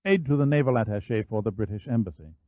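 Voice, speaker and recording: A man's voice: lowish voice, fast talker, no room sound, natural voice. A man voicing a reserved, formal British naval lieutenant in an audiobook, with polite, clipped phrasing. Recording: dry, phone-like narrow band.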